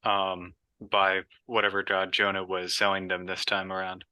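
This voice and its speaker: A man in a casual Bible study group, asking questions hesitantly with many pauses and fillers. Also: sits low, monotone, sharp tone, clean tone, dry recording.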